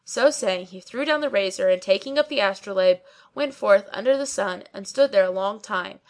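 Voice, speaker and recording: A woman narrating an old tale in a measured, storytelling delivery. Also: mid-range voice. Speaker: audiobook reader. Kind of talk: scripted narration.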